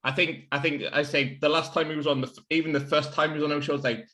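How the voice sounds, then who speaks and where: A man in casual chat, talking quickly and enthusiastically. His voice is bright and a touch high. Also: steady tone. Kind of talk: casual chat over beers.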